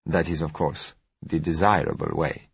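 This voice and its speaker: Suave courteous oil dealer, voiced by a man, very low voice, slow and gentle, husky tone. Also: sing-song, highs cut off, full character voice. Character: suave, polite foreign oil dealer, male.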